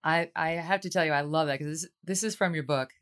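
A woman's voice: low voice, fast, fairly bright tone, clear, resonant tone. A woman hosting an interview, asking her guests questions in an earnest, emotional way. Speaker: podcast host.

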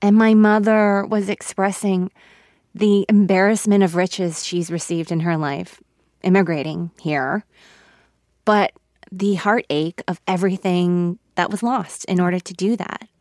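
A woman actor in her thirties being interviewed on radio, thoughtful and halting with soft laughs, close to tears. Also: fairly low pitch, steady tone, no room sound. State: emotional, near tears.

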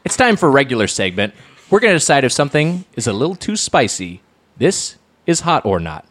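Talk as a podcast co-host chatting loosely about food: a man of middle pitch who rambles, restarts his sentences and slips in jokes. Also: big pitch swings, brisk, a bit bright, a little hiss or hum. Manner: rambling, self-correcting, jokey. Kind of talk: casual food podcast chat.

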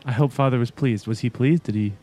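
A man's voice: mid-range voice, fast, warm tone, a little hiss or hum. A man playing a tabletop game in character, speaking in a formal, polite way. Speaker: player.

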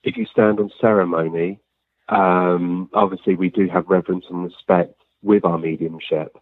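Low-voiced man on a tinny line. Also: fairly even intonation, moderate pace, no room sound. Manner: plain, earnest, many ums and restarts. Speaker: guest, physical medium. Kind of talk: relaxed conversational storytelling. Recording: tinny phone-line sound, dry.

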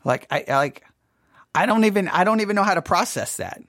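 A man with a high voice delivers an earnest, sermon-style talk, stumbling and circling back over his words as he presses a point. The sound is close and dry, with no room around it. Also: animated, fairly quick, a bit bright, no echo. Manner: earnest, repeats and restarts phrases, rises when quoting cries. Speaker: preacher. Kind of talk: impassioned sermon-style commentary.

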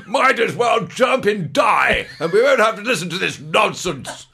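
A man putting on a booming, larger-than-life theatrical actor who bellows slowly. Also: big pitch swings, creaky, husky, heavily acted. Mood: bellowing. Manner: bellowing, shouting, slow and theatrical.

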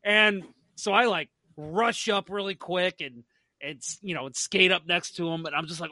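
Guy cohosting a hockey podcast, bright punchy voice, pretty high, dry close mic. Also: moderate pace, no echo. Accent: St. Louis. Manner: animated, acts out his own quotes. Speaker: podcast co-host. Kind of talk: casual storytelling chat.

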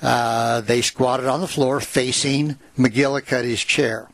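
A man's voice: medium pitch, fairly even intonation, slow pace, a bit bright, no room sound. A man retelling a written history aloud to a listener, reading passages and adding casual asides with fillers. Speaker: storyteller.

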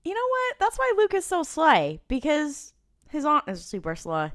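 Excitable slangy woman for casual chat, higher voice, dry sound. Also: no room sound. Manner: excitable, slangy, acts out characters in quick asides.

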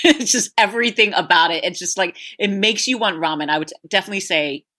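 A woman's voice: mid-range voice, brisk. A woman chatting casually about a film she loves, rambling with lots of fillers and frequent laughter. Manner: rambling, animated, laughs often, many fillers. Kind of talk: casual chat, movie recommendation.

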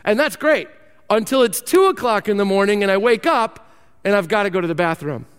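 A man preaching a sermon, reading scripture and then telling animated stories with emphatic repetition. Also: sits high, brisk, clean tone, big-room sound. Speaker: pastor.

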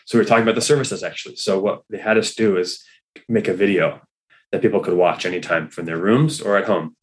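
A man with a somewhat low voice tells a story as a rabbi in a conversational interview. He is animated, acting out the people in the story, and his sentences are full of "like" and "you know". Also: quick pace, low-quality recording. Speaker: hospital rabbi, interview guest.

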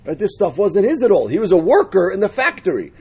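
A man with a husky voice teaching a Talmud lesson, explaining step by step and mixing in Hebrew and Aramaic terms. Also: sits high, sing-song, quick pace, a little mellow.

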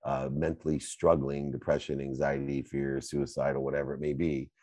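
A middle-aged man hosting a live Q&A, answering questions in a fervent, preachy way that swings between loud bursts and quiet asides. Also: very deep voice, little pitch movement, moderate pace, dry recording. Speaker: host and coach. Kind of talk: motivational Q&A answers.

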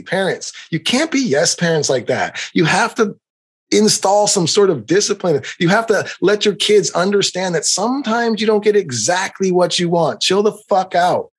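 A middle-aged man hosting a podcast, ranting in an animated, profane, heated way. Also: high voice, moderate pace, husky. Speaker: podcast host. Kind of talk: comedic rant.

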